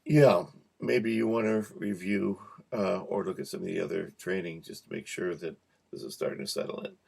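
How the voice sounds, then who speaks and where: A man teaching a cueing lesson, repeating practice words slowly and joking softly as he goes. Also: low voice. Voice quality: gravelly. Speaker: cueing instructor. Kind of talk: relaxed teaching to camera.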